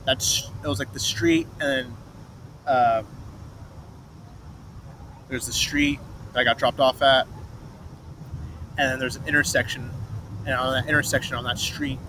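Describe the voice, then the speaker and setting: A man's voice: medium pitch, fairly even intonation, moderate pace, pauses often. A young man rambling through a personal story, swearing and restarting often. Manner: rambling, restarts, swears, mimics others' voices in quotes. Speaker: vlogger telling a personal story. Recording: noisy street, traffic behind.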